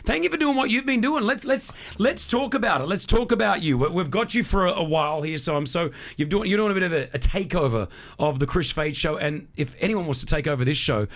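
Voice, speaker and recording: A man with an Australian accent hosting a radio studio interview, effusive and quick to laugh. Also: high-pitched. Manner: lively, effusive, laughs often. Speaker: radio host.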